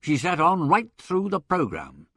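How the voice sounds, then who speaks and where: A brash young Englishman telling his story in an audiobook, voiced by a male reader. He blusters along in a lively, bouncing voice pitched a little high. He sounds crisply dry and close. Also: a little slow, no echo, exaggerated voice. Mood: indignant. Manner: blustering, chatty, laughs loudly. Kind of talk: audiobook character voice.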